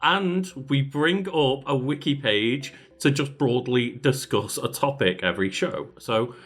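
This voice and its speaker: A man's voice: mid-range voice, measured pace, a bit bright, husky, faint music behind. Amused, chatty male podcast host. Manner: chatty, amused, often laughing. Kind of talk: casual chat.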